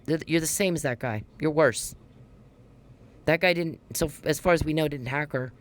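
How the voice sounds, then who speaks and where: A woman's voice: sits low, normal speed. A woman hosting a podcast in a casual monologue, talking bluntly and heatedly, swearing often and repeating herself for emphasis. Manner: blunt, profane, heated and repetitive. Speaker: podcast host.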